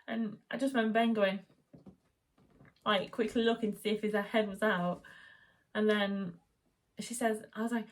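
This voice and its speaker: A woman's voice: mid-range voice, moderate pace, pauses often. A young woman chatting casually at home, telling the story of her labour and birth. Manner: chatty, animated retelling, quoting the midwife in raised voice. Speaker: vlogger.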